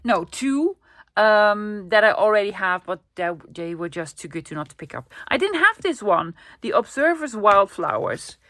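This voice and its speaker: A woman's voice: medium pitch, sing-song, moderate pace, fairly bright tone, no room sound. Chatty woman showing thrift finds. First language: Dutch. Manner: chatty and enthusiastic, cooing over finds. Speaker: vlogger showing a thrift haul. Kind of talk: casual haul chat to camera.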